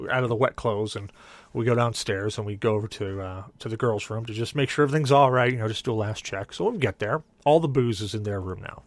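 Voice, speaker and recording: A man co-hosting a podcast, telling a long story in a casual, animated way and acting out what everyone said. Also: medium pitch, no echo. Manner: animated, acts out the lines of the people in his story. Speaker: podcast co-host.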